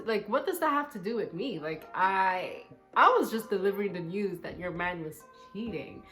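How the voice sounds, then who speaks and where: A young woman chats straight to her viewers, candid and a little sassy as she tells her story. Soft music plays faintly underneath her voice. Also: medium pitch, moderate pace. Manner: chatty and candid, with a petty, sassy streak. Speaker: vlogger. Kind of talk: casual storytime chat.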